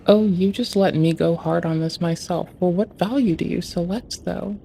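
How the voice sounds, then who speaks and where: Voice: medium pitch, moderate pace, gravelly, mellow, a little hiss or hum. A streamer talking casually and swearing freely, muttering to themself and asking the screen questions while fiddling with game graphics settings. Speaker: livestreamer.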